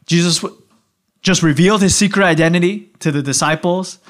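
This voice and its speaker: Casual, animated man preaching. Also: high voice, brisk. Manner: informal, animated, asks the audience questions. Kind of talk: casual conversational sermon.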